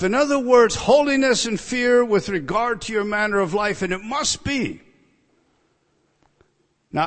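A high-pitched man preaches with heavy emphasis, punching key words and then sinking into hushed asides. His voice rings through a large hall with a long reverb tail. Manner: emphatic, drops to quiet asides. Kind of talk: expository sermon.

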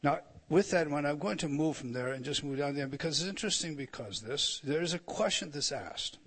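A man's voice: a little high, expressive, brisk, a bit bright, breathy edge. Emphatic male preacher teaching scripture. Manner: emphatic, rising and falling with frequent restarts. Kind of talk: expository sermon.

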